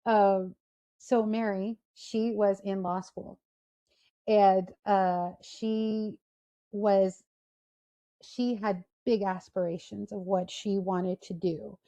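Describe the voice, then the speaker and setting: Speaking slowly at a medium pitch, a woman tells a story during an online career talk. She acts out each character with lively quoted voices over the video call.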